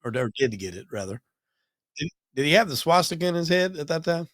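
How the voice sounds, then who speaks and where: A man's voice: fairly high pitch, sing-song, a little fast, dry recording. Dry-sounding male podcast host. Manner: reflective, musing aloud at length. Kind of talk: interview questions and commentary.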